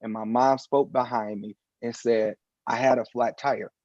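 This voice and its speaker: Animated storytelling man, mellow dull sound. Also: mid-range voice, a little slow, no room sound. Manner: animated, acts out the voices in his stories. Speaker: panelist. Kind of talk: casual storytelling in a panel conversation. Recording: dull, dry recording.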